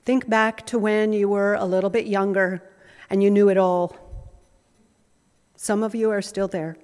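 A woman pastor delivering a sermon in a measured way, pausing often and repeating key phrases. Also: mid-range voice, steady tone, a little mellow, smooth. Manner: measured, with frequent pauses and repetition. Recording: reverberant hall.

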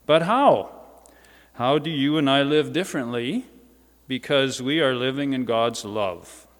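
A man's voice: mid-range voice, measured pace. A man giving a sermon in a church, speaking in a conversational way with informal asides. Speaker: preacher. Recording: reverberant church hall.

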